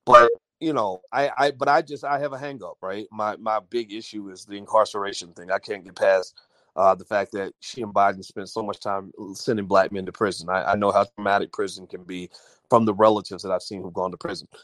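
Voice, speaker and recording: A man's voice: lowish voice, steady tone, brisk, fairly bright tone, no room sound. A man hosting an audio-only livestream, talking casually to his chat and reading viewers' comments, with many fillers and restarts. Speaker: livestream host.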